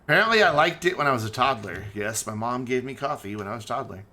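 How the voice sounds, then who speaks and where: A man streaming a game, chatting casually and joking in a rambling, animated way. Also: medium pitch, fast. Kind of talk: casual chat while playing a game.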